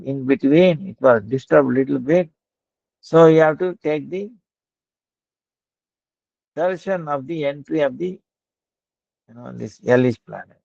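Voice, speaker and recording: A man's voice: a little high, creaky, darkish tone, dry recording. A man voicing a stern but polite god of death in a told story. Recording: dull lo-fi dry recording.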